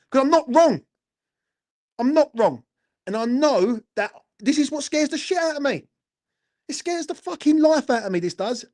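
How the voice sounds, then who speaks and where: A man hosting a fan channel, delivering a furious, heavily sweary post-match football rant and often asking the viewer if they follow him. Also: extremely high pitch. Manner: furious, heavily sweary, keeps asking "do you know what I mean".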